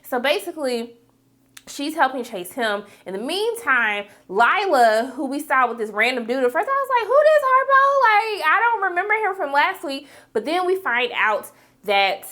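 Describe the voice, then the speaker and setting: A woman's voice: high-pitched, very animated, normal speed, sharp tone. A woman giving a casual, chatty recap of a TV episode, calling her viewers "y'all" and acting out the characters' lines. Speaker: TV episode reviewer.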